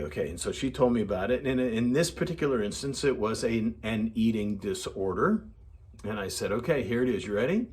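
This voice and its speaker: An older man giving earnest spoken advice to young people, often repeating himself and acting out what others say. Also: mid-range voice. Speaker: youth mentor. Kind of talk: advice talk to teens.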